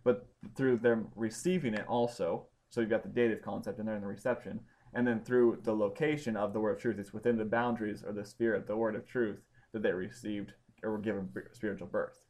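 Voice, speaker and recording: A man teaching a Bible study class, explaining points step by step and pausing to check that his students follow. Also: on the low side, fairly even intonation, darkish tone. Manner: explanatory, checks understanding with questions.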